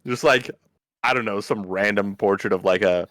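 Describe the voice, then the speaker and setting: A man's voice: lowish voice, normal speed, a bit bright, no room sound. A man playing in a tabletop game, talking in rambling bursts padded with fillers. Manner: rambling, full of "like". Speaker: player.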